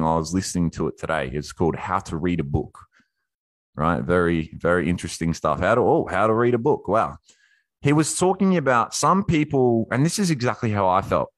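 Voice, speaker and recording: A man's voice: on the low side, a bit bright, no echo. A young man giving casual, emphatic advice on memory and focus. He swears freely and acts out little back-and-forth dialogues as he talks. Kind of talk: casual motivational talk.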